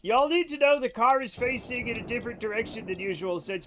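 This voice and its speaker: A man streaming a game live, chatting casually with his viewers; he rambles, gets excitable and mock-angry, and swears freely. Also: very high voice, brisk, few pauses, a little hiss or hum. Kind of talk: casual live-stream chat while gaming.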